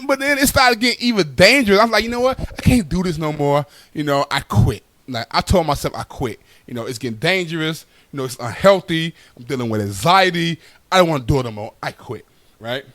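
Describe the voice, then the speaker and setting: Animated bright-voiced male comedian. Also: fairly high pitch, dry recording. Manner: animated, laughs at his own jokes; loose casual talk with many fillers. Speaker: stand-up comedian. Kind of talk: stand-up storytelling.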